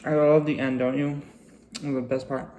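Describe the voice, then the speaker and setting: A man's voice: mid-range voice, flat delivery, normal speed, warm tone. A man vlogging casually while eating, reflective and chatty, with plenty of fillers, over faint background noise.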